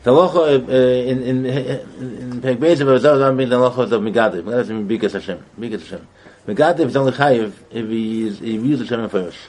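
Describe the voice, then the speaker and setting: A man of middle pitch teaches a Talmud text in a loose, halting way. He restarts phrases and circles back over points, with steady background noise and passing vehicles under his voice. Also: rough recording. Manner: halting, repeats words, mixes English with Hebrew terms. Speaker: Torah teacher. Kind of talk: informal Talmud study lesson.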